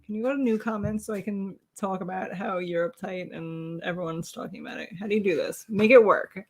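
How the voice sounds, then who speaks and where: A woman's voice: medium pitch, fairly even intonation, brisk. A woman co-hosting a casual livestream chat, teasing and blunt with a dry delivery and casual swearing. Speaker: co-host.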